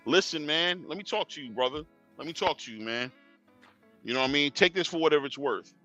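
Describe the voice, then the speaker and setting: A man's voice: a little high, lively intonation, a little fast, sharp tone, lo-fi sound, faint music behind. A young man hosting a boxing talk stream in casual street slang, lecturing fighters directly and chuckling. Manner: slangy, talks straight to fighters, chuckling asides. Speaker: boxing show host.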